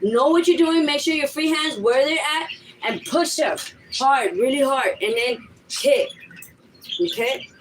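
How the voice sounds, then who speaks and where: A woman's voice: high voice, unhurried. A woman in an intense, rambling vlog monologue, repeating herself over and over. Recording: noisy background with birds.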